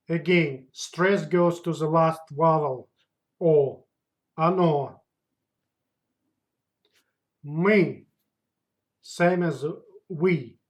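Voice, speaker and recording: Very slow Russian-accented male teacher. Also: on the high side. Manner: deliberate, repeats each word slowly. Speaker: language teacher. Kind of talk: slow spoken language lesson.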